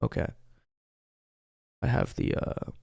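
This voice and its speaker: A man putting on a breathy, hushed voice in a whispered role-play, sparing his strained throat. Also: slow, no echo, clean studio sound, natural voice. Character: man doing a hushed ASMR voice.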